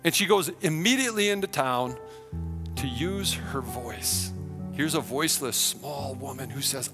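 Animated male preacher over music. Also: a little high, moderate pace. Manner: animated storytelling, swinging between hushed and exclaimed. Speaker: pastor. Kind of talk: sermon.

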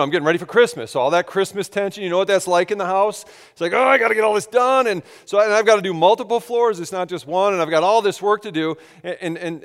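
A man pastor in his thirties preaches in a confiding, self-deprecating storytelling manner, his voice sitting a little high for a man. He circles back over his words with frequent restarts. The sound carries a long reverb from a large hall. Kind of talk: sermon.

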